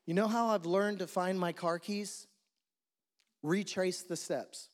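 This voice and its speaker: A man's voice: high voice, steady tone, slow, big-room sound. A man preaching a sermon as pastor, conversational and repeating his questions for emphasis. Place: church.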